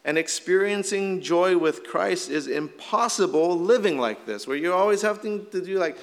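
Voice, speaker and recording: Middle-aged pastor guy, kinda hoarse, chatty sermon w lots of "like", highish voice. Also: lively intonation, unhurried. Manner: casual, conversational preaching with many "like" fillers. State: slightly hoarse from shouting. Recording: long hall reverb.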